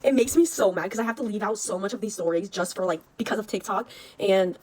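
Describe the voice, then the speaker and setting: An eighteen-year-old woman telling a story in a casual, profane way, rushing through parts, laughing and shrieking when she acts out scenes. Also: mid-range voice, a little mellow. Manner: rapid, profane, laughing between lines, shrieking when reenacting.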